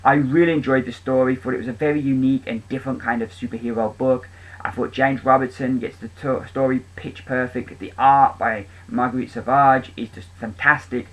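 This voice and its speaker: A man talks through his weekly comic picks in a loose, chatty way. His voice sits at an ordinary middle pitch. He is clearly enthusiastic, but he often pauses on an um and restarts his sentences. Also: steady tone, low-quality recording. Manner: rambling, with many ums and restarts. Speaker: comic book reviewer. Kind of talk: casual spoken review.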